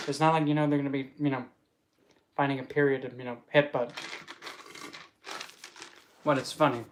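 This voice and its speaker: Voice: medium pitch, flat delivery, normal speed, pauses often, a little hiss or hum. Rambling livestream host, giggly and exclamatory, casual chat, answers viewers with pet names, mid-range voice. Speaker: streamer hosting an open chat.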